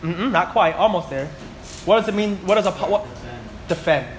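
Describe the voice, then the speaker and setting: A man in his twenties with a high voice, speaking at normal speed, teaches a Bible class. He's chatty and full of stories, frequently asking "right?" and "you know?"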